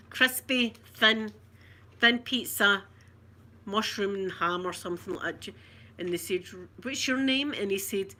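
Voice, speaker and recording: A chatty Scottish woman talks casually to her viewers from a room at home. Her voice is bright and clear at an ordinary pitch. She tells stories, mimics the people in them, and laughs easily, with a faint hum of the room behind her. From Scotland. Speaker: ASMR livestream host. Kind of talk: casual chat to live viewers.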